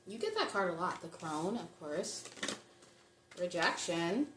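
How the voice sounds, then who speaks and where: A woman's voice: fairly low pitch, big pitch swings, a little slow, reverberant, background noise. A woman giving a chatty pick-a-card tarot reading, talking straight to her viewers. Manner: chatty, reflective, addresses viewers directly. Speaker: tarot reader.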